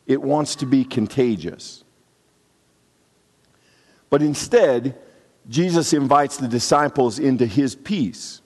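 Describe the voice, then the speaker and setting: A man's voice: medium pitch, darkish tone, in a large hall. A man preaching a sermon in a conversational, reflective way, now and then acting out short quotes. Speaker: pastor.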